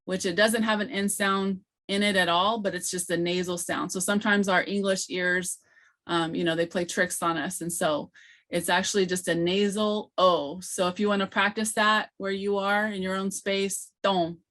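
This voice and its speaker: A woman's voice: mid-range voice, fairly even intonation, a bit bright. Patient woman teaching pronunciation online. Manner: patient, explains slowly with many fillers. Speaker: language teacher trainer. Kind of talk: online training session.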